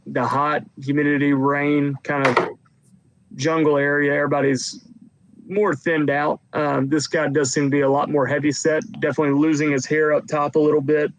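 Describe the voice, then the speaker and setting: A man's voice: on the high side, level tone, normal speed, a little hiss or hum, poor audio. A man narrating as game master of a tabletop game, hesitant with many ums and uhs.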